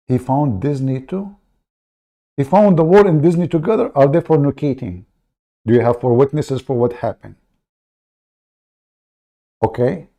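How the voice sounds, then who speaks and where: A man with a dark, gravelly voice and a mellow tone hosts a comedic commentary. He talks in a mocking, sarcastic way, needling his targets as he goes. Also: mid-range voice. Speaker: host. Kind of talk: comedic commentary and phone skit.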